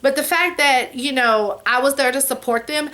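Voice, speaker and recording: Woman, 40s, high bright voice, chatty Q&A vlogger. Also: normal speed. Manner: chatty, warm-hearted, says "y'all" and "you know" often. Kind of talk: casual Q&A chat to camera.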